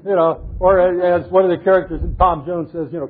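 Older professor, tinny lecture recording. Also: male voice, high-pitched, steady tone, moderate pace, husky. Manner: jovial, acts out quoted characters, reads old verse aloud. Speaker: literature professor. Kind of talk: animated lecture retelling a medieval tale.

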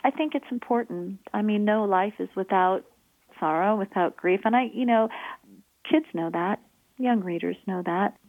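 A woman's voice: medium pitch, moderate pace. A woman author, earnest and enthusiastic, answering interview questions and reading a passage from her book aloud, over a phone-like line. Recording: dry tinny phone-like line.

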